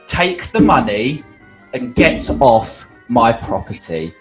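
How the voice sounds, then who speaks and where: A man's voice: mid-range voice, sing-song, slow pace, soft background music, voice pushed down. A man doing an impression of a blunt male dinner-party guest from a reality show, dry and insulting. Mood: scornful.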